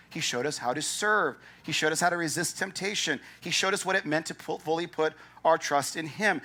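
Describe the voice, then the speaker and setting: A man preaching a sermon as pastor, emphatic and conversational, acting out his listeners' doubts. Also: on the high side. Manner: animated, acts out doubting listeners' thoughts.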